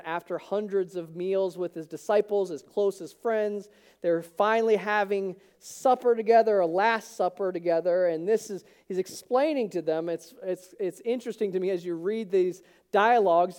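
Man, pastor, Easter sermon, conversational storytelling, smooth mellow voice. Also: sits high. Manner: conversational storytelling with acted-out quotes.

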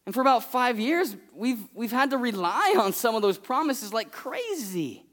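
A man's voice: very high-pitched, moderate pace, hardly any pauses. A man in his thirties from California, preaching as a guest speaker in a church and telling a family story in a loose, conversational way. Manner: animated and conversational, acts out his toddler's voice. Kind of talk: sermon with storytelling.

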